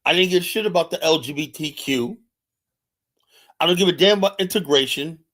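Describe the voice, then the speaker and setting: A man's voice: on the high side, fairly quick, sharp tone. A man hosting a livestream, delivering a heated political monologue. He is combative and profane and often repeats phrases while challenging viewers directly. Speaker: livestream host.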